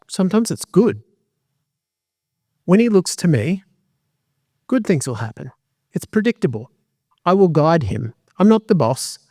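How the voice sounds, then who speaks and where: A man giving a community talk as a dog trainer, lively and conversational with joking asides. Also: a little high, no echo, studio quality.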